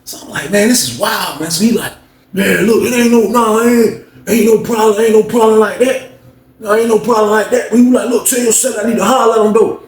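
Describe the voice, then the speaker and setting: A man's voice: sits high, a little fast, roomy sound. A man telling a story in casual street slang, acting out the voices of the people in it. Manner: animated, acts out quoted voices, slangy street talk.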